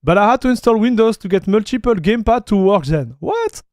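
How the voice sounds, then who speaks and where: A man's voice: sits high, lively intonation, fairly quick, darkish tone, dry recording, studio quality. A man from France with a French accent, chatting casually with his live-stream chat as a tech streamer, laid-back and calling everyone "dude". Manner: laid-back, says "dude" a lot, reads chat aloud.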